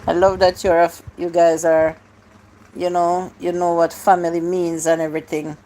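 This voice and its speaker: A woman's voice: lowish voice, flat delivery, normal speed, mellow, slight background noise. A woman hosting a live stream, chatting casually and answering her viewers' comments one by one.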